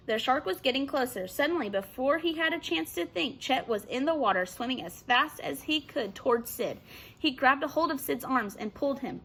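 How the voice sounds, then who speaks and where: A woman's voice: high-pitched, moderate pace, slightly rough. Woman teacher reading a chapter book aloud. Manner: expressive read-aloud narration. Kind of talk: reading a children's novel aloud.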